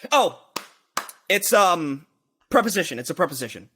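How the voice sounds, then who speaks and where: A man co-hosting a podcast, rambling in casual banter and breaking into sung and shouted bits. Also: high-pitched, sing-song, normal speed, husky. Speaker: podcast co-host.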